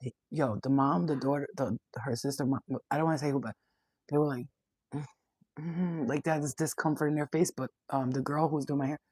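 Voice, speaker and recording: Woman, spiritual reader, casual chat, blunt, swears a lot, husky tone. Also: a bass voice, steady tone, fast, a little mellow, no room sound. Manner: chatty, blunt, swears freely. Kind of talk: casual direct-to-camera chat.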